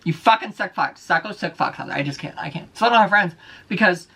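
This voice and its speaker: A man's voice: sits high, animated, quick pace, creaky, a bit bright, slightly rough. A man vlogging alone, ranting heatedly with heavy profanity and repeating his points. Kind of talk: casual solo vlog rant.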